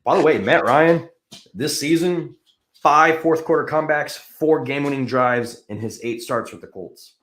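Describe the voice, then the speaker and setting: A man's voice: fairly high pitch, moderate pace, fairly bright tone. Guy host rambling about football, lots of ums and likes, roomy echo. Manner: rambling, lots of fillers and restarts. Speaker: podcast host. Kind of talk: casual sports chat. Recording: echoey room.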